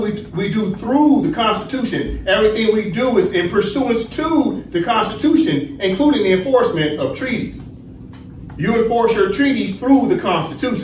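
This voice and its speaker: A man with a high-pitched voice leads a study class. He poses questions and answers them himself, tagging "right?" onto his points. The sound is distant and roomy, with a faint hiss behind it. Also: fairly bright tone. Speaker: study session teacher. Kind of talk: lecturing class. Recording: roomy echo, distant mic, faint noise.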